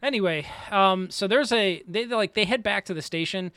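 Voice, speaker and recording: A man with a high voice talks through an anime plot in loose, rambling casual chat, swearing freely and restarting his sentences. His voice is recorded close and dry, with no room sound around it. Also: a little fast, pushed and bright, smooth, no echo. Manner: rambling, profane, many restarts and fillers. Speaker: podcast co-host recapping an anime.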